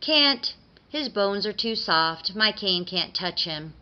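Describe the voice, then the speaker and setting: A woman's voice: medium pitch, animated, slow, clean tone, heavily acted. A woman voicing a cruel, foul-mouthed male imp with a tail and a cane, snarling and mocking, on a dull lo-fi recording. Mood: menacing. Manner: snarling, mocking, shouting threats.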